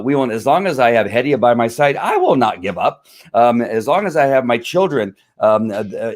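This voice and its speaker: A man hosting his own live video stream, talking in a heated, frustrated, rambling way with many fillers. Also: medium pitch. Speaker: livestream host. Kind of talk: casual livestream rant.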